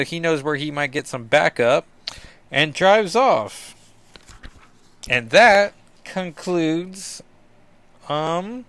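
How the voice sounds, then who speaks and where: A man's voice: fairly high pitch, fairly bright tone, smooth, dry recording. A man hosting a casual comic book recap, rambling and full of fillers and self-deprecating asides. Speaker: comic book podcast host.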